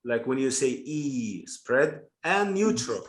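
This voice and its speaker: A man's voice: mid-range voice, a little slow, a bit bright. A man teaching an online class over a video call, explaining patiently step by step and repeating key terms.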